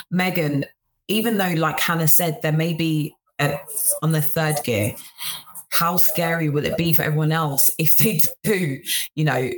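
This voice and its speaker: A woman hosting a casual podcast, handing questions to her panelists by name in a friendly way. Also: low voice. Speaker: podcast host. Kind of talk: casual chat.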